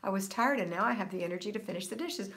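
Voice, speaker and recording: A woman's voice: medium pitch, very fast, fairly bright tone. A woman hosting a casual livestream, reading viewer comments aloud and answering them in an upbeat, encouraging way. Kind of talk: casual live chat. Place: home, Florida.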